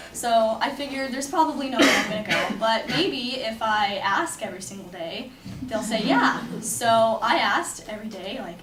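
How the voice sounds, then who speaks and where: A woman's voice: a little high, fairly bright tone, recorded from a distance, slight background noise. A young woman from California telling a personal story in a chatty way, with lots of "like" fillers. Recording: echoey room, speaker away from mic, faint ambience.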